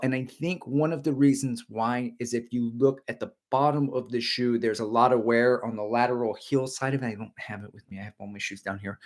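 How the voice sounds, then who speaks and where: Joking middle-aged man livestreaming. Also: medium pitch. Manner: joking, rambling, reads out chat comments. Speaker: running livestream host. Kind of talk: casual livestream chat.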